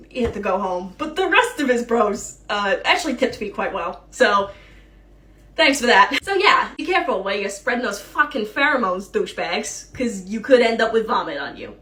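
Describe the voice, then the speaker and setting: Brief: woman, comedic anecdote, animated and profane, recorded off-mic in a roomy space. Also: on the high side, moderate pace, distant mic. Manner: swearing, animated, mimics voices in anecdotes. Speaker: comedic storyteller. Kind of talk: casual storytelling with lip-sync clips.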